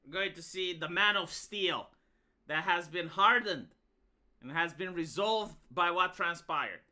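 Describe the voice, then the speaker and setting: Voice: medium pitch, unhurried, bright, forceful tone. A VTuber streamer giving live reaction commentary, rambling and stammering, with a sarcastic edge.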